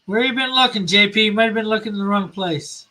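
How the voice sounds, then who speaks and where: Pitched high and talking fast with a sharp edge, a comic artist draws on a livestream, chatting casually. He reads viewer comments aloud and chuckles often.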